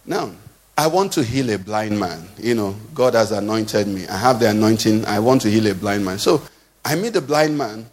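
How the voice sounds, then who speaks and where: A man's voice: on the low side, lively intonation, moderate pace. A man with a Nigerian accent preaching a sermon, often putting questions to the congregation in a rising, singsong cadence. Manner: rhetorical questions to the congregation, sing-song cadence. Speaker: pastor. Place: church hall. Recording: long hall reverb.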